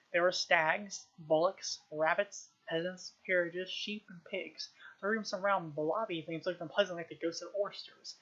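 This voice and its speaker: A woman's voice: lowish voice, fairly bright tone, dull audio. A woman reading a novel aloud on a stream, in an unpolished way with frequent slips and restarts. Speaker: reader. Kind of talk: casual audiobook reading on stream.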